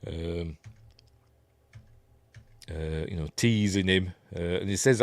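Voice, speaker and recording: A man's voice: low-pitched, animated, slow pace, a little mellow, no echo. A middle-aged man with a Yorkshire accent, talking casually through a film scene by scene with lots of ums and dry, wry jokes. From Yorkshire, England. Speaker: film review host. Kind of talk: casual film commentary over footage.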